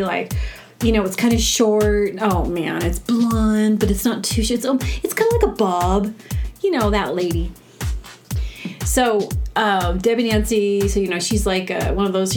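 A woman podcast host and sketch comedian telling rambling, chatty stories and laughing at them. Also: mid-range voice. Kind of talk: casual storytelling.

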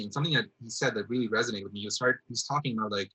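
A man's voice: on the low side, racing, few pauses, pushed and bright, breathy edge, dull audio. A man, a theatre artist, talking reflectively as a guest, rambling thoughtfully with lots of fillers. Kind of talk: reflective casual conversation.

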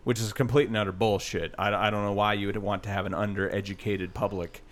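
A man in a casual podcast chat with a somewhat low voice. He states his opinions bluntly and without softening. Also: level tone, fast. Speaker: podcast co-host.

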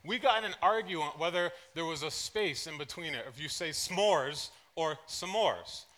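A man preaching a sermon to a church congregation, telling personal anecdotes in an animated way, dropping to soft asides and then rising into loud excited bursts. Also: fairly high pitch, moderate pace. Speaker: pastor. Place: church service.

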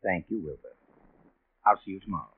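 An actor playing a calm, probing police investigator in a vintage radio drama, pressing with measured questions. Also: male voice, low-pitched. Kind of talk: 1940s radio acting. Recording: tinny old radio broadcast with faint hiss.

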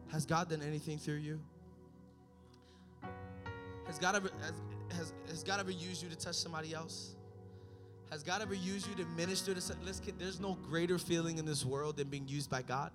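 A young man preaching a sermon, telling stories and building up to shouted climaxes. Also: fairly high pitch, steady tone, a little fast, over music.

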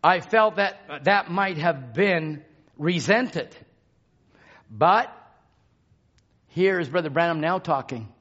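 A man preaching a sermon, repeating phrases and swinging from hushed tones to shouts. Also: on the high side, expressive, slow, pauses often, dull audio.

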